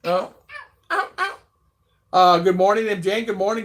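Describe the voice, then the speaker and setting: A man's voice: high voice, big pitch swings, moderate pace, fairly bright tone. A man hosting a casual live stream, chatting loosely and reading out viewer comments, often laughing as he rambles. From abroad, living in the Philippines.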